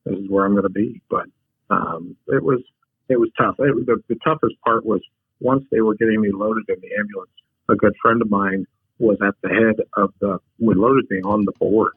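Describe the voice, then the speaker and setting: A man's voice: lowish voice, normal speed, slightly rough, no echo. A man telling a frank personal story as a podcast guest, a take-charge talker who often restarts his sentences. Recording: tinny phone-like line.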